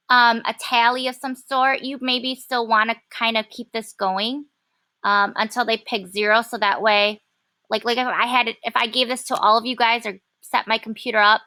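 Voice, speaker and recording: A woman teaching a programming lesson, talking casually and thinking aloud with many pauses and fillers. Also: a little high, bright, forceful tone. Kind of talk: classroom coding lesson.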